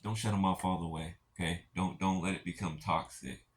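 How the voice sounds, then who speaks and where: Soft-spoken man giving spiritual encouragement. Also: low voice, fairly even intonation. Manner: gentle, halting, keeps asking "right?". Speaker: spiritual speaker addressing viewers. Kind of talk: heartfelt spiritual encouragement talk.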